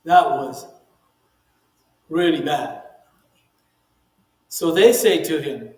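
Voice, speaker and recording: A male rabbi teaching in a relaxed, conversational way, his voice sitting a little high for a man. He leans hard on key words and jumps up in pitch whenever he voices a quoted speaker. The sound carries a noticeable room echo. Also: very slow, pauses often. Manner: emphatic, reads quoted speech in a raised voice, many "you know" asides. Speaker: rabbi teaching the weekly Torah portion. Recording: roomy echo.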